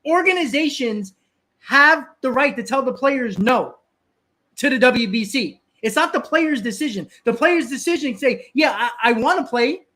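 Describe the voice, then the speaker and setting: A man's voice: extremely high pitch, lively intonation, unhurried, pushed and bright. Argumentative man hosting a live stream. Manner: argumentative, repeats words and restarts, answers chat. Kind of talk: casual live-stream rant.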